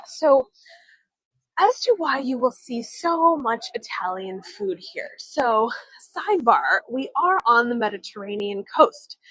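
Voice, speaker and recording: A woman's voice: a little high, a bit bright, husky, dry recording, low-quality recording. A woman from Chicago, leading a live-streamed walking tour outdoors on city streets, chatty and giggly, with storytelling asides. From Chicago, USA. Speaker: tour guide.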